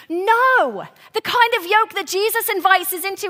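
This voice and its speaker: Woman pastor, sermon; high, bright voice, earnest and tender, lively asides. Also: moderate pace. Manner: earnest, soft-spoken with animated bursts and restarts.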